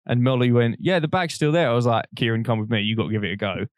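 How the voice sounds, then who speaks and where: Young guy, podcast co-host, middle pitch, dry close mic, rambling storyteller who laughs a lot. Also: fast, no echo. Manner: rambling, animated anecdotes with frequent laughter. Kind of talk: casual storytelling chat.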